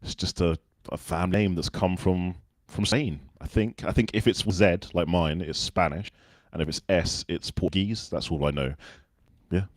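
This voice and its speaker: Man, very low voice, well-spoken Southern English accent, relaxed storytelling, dry sound. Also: moderate pace, no room sound. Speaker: guest. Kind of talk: casual interview chat.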